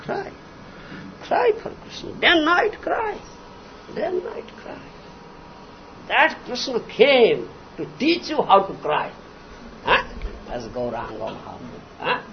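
High-voiced slow guru prodding listeners. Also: male voice, wildly swooping pitch, vocal fry. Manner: repetitive, emphatic, often asks "huh?". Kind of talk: devotional lecture with disciples. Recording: muffled noisy archival recording.

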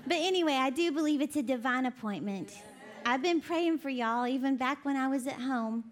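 A woman speaking at a women's conference, chatty and jokey, laughing often before turning earnest in her sermon. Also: high voice. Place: conference session hall.

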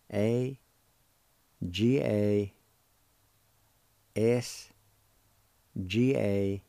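Man, Cherokee accent, radio language teacher; low mellow voice, very slow and deliberate, dry close sound. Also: vocal fry, no room sound. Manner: slow, deliberate, drawn-out syllables. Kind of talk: spelling and pronouncing words.

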